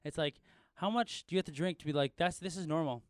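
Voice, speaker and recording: A man's voice: on the high side, fast, clear, resonant tone. A young man from Canada co-hosting a podcast, chatting casually in a rambling way, swearing and restarting often. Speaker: podcast co-host. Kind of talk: casual chat.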